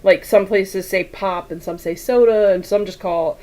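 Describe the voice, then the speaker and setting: A woman's voice: mid-range voice, fairly even intonation, moderate pace, warm tone, rough recording. A woman hosting a quilting livestream, chatting casually and rambling while she sews, reading viewer comments aloud and laughing often. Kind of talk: casual chat while sewing.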